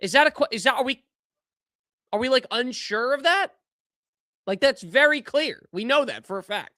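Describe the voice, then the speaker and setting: A young man hosting a podcast, giving casual political commentary in an animated, incredulous way that keeps trailing off and restarting. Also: extremely high pitch, moderate pace, no room sound, clean studio sound. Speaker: podcast host.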